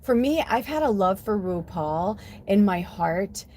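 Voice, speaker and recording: Slight background noise accompanies a mid-range, animated, warm voice moving a little slowly. It belongs to a fifty-something American spiritual medium and oracle card reader, rambling through heartfelt, chatty stories on a casual livestream.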